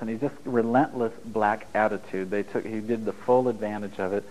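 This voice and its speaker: A man's voice: on the low side, steady tone, fairly quick, few pauses, mellow, rough recording. A middle-aged man giving an informal spiritual talk to a live audience, rambling and joking as he goes, often laughing at his own lines. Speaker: spiritual teacher.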